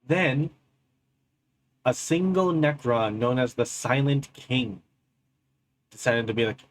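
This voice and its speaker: A man's voice: medium pitch, slow pace, long pauses, a little hiss or hum. A man hosting a reaction video, retelling lore in a rambling, crude, jokey way. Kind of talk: casual reaction commentary.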